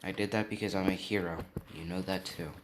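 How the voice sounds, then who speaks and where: A man voicing a calm adult pirate hero who speaks softly and soothingly. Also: deep voice, a little fast, heavy background noise, natural voice. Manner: soft, soothing.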